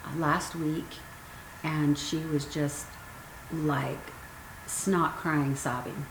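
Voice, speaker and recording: A woman in her fifties, appearing as a guest author, tells her personal story with candor, earnestness, and emotion, pausing with ums. Her low voice has little pitch movement, recorded with roomy sound and faint noise.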